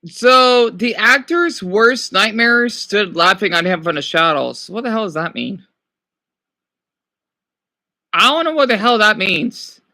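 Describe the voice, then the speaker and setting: An excitable man chatting on a stream, his voice bright and tense as he reads questions aloud. His pitch swings widely from line to line, and he breaks in with quick exclamations and replies to his chat. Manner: animated, exclaiming, talking back to chat. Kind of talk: casual reactive chat, reading quiz questions aloud.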